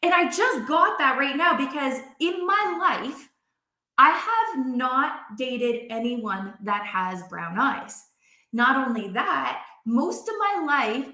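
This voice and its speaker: A woman in her forties hosting a live video, telling a personal story to viewers in a chatty, animated way. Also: high voice, roomy sound. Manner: chatty, animated, acts out quoted voices.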